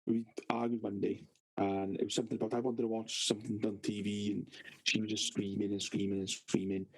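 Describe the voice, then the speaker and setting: A man's voice: on the low side, flat delivery, a little fast, poor audio. A young Welsh man with a Valleys accent, telling a story in casual podcast chat with stumbling restarts and swearing. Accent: South Wales Valleys. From Wales. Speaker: podcast co-host.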